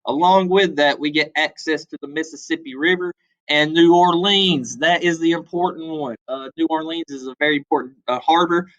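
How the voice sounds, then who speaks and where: A man's voice: on the high side, normal speed, a bit bright, highs cut off. A man teaching a casual history review, talking loosely with frequent fillers. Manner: loose, conversational, many "uh" fillers, acts out quotes.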